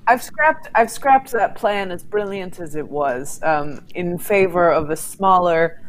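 Playful low-voiced woman gamer. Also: expressive, a little slow, over a noisy crowd, poor audio. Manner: playful, mock-grand. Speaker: player. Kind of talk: tabletop role-play chat.

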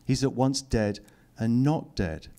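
A man's voice: medium pitch, expressive, slow pace, warm tone. Man reading aloud, dry teasing asides. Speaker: author giving a public reading. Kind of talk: reading aloud and commenting to an audience. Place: lecture hall.

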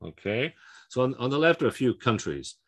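Walking through Spanish pronunciation rules one step at a time, this instructor lectures with lots of fillers and restarts, regularly pausing to ask "okay?". He speaks a little fast in a mid-range voice with big pitch swings.

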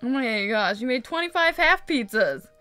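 Bright, lively woman gaming host. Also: on the high side, moderate pace, clean tone, no echo, soft background music. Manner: excitable, exclamatory, chatty. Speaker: let's play host. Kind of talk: casual gameplay commentary. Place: home, in daytime.

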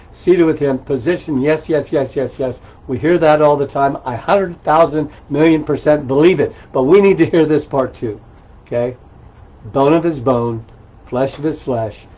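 A man's voice: fairly high pitch, a little mellow. A man preaching a sermon in a conversational way, with asides and rhetorical questions. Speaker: pastor. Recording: dull lo-fi recording.

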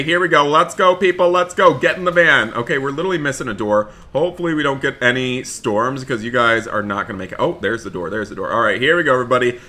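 A young man hosts a gaming video in a strikingly bright, forceful voice at an ordinary middle pitch. He comments on the action with lively energy, talks to his viewers constantly, and jumps into panicked shouts when the game turns scary. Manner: animated, keeps addressing viewers as guys, shouts for help in panic. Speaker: gaming channel host. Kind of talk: excited gameplay commentary.

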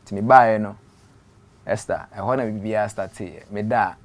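A man with a Ghanaian accent telling his story in an interview, dropping to quiet trailing phrases and slipping in English words. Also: on the low side, normal speed. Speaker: interview guest.

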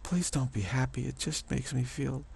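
A man voicing a whiny, grieving woman who pleads in a wailing, halting way. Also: medium pitch, creaky, darkish tone, slightly rough. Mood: wailing mock grief. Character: whiny grieving woman mourning a lost spirit.

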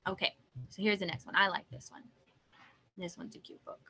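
A young woman reading picture books aloud to children, gentle and chatty, pausing to ask questions. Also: mid-range voice, vocal fry, slightly rough, poor audio. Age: young adult. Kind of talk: picture-book read-aloud.

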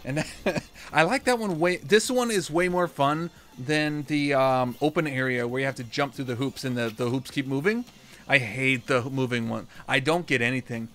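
A man streaming a game, rambling with lots of fillers and restarts, then bursting into shouts and laughs. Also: medium pitch, moderate pace. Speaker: gaming streamer. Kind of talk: live gameplay commentary.

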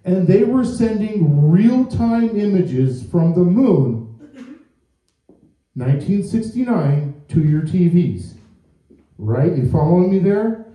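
Self-mocking stand-up comic, dark echoey sound. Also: male voice, high-pitched, lively intonation, takes it slowly. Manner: rambling, self-mocking storytelling. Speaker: stand-up comedian. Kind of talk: stand-up comedy set. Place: comedy venue before a live audience. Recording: echoey club from far off.

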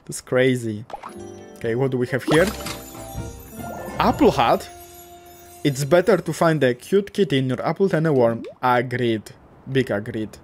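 A young man casually commentating a cute game, gushing, swearing lightly and talking to the characters, often jumping up into excited squeals. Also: medium pitch, a little slow, long pauses, faint music behind. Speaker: gaming YouTuber.

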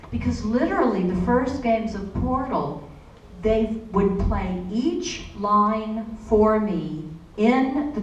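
A woman voice actor answering questions on a convention panel, chatty and storytelling with many asides. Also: mid-range voice. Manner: chatty, warm storytelling with frequent "you know". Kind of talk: panel Q&A talk. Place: convention hall. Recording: echoey hall from far off, faint noise.

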